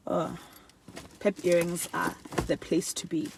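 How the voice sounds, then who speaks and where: A young woman chatting casually to camera in a favourites vlog, animated and laughing often, switching between English and another language mid-sentence. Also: fairly low pitch, takes it slowly, slight background noise. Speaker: beauty and lifestyle vlogger. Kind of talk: casual chat.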